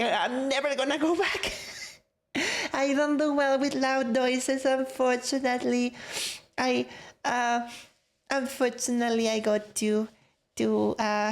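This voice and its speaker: Playful young woman streamer. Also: fairly high pitch. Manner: playful, greets chat by name. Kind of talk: casual live-stream chat.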